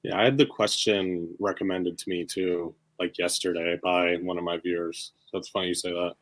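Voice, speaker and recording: A man's voice: low voice, flat delivery, moderate pace, no echo, low-quality recording. A man co-hosting a casual comics chat, laid-back and thoughtful, with some hesitations.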